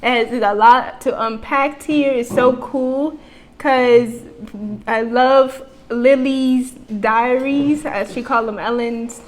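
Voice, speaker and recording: A young book vlogger chats casually on camera in a reading vlog, gushing, exclaiming and often humming along. Her voice is fairly high and steady, and she speaks slowly. The camera mic gives a low-quality recording with slight background noise.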